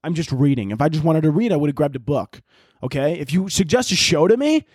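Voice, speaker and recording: A young man on a podcast, rambling through a comedic monologue in a slightly high voice. He swears freely and keeps bursting into loud, over-the-top shouted bits. The sound is dry and close, with no room to it. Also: fairly quick, slightly rough, no room sound. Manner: rambling, animated, swearing, bursts into shouted mock-dramatic lines. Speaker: podcast host.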